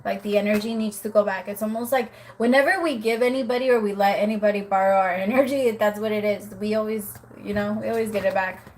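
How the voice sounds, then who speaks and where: A woman's voice: mid-range voice, steady tone, fast talker, few pauses, a little hiss or hum. A woman giving a live-stream tarot reading, chatty, with many filler words, calling the viewer "my love". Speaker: tarot reader.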